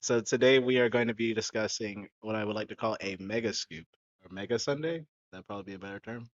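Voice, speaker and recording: A relaxed man with a lowish voice hosts a casual podcast, chatting easily and laughing often. His voice is recorded close and dry on a slightly dull, muffled mic. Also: quick pace, dry recording. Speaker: podcast co-host.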